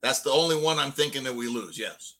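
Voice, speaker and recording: A man co-hosting a sports podcast, joking and animated in casual chat. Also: mid-range voice, brisk. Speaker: podcast co-host.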